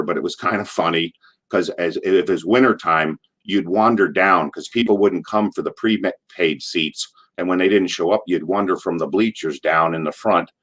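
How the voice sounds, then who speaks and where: A middle-aged man, a former wrestler, telling stories in an interview, rambling through asides and acting out what people shouted. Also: sits low. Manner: animated, acts out quotes in a loud, drawn-out voice. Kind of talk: casual anecdotal storytelling.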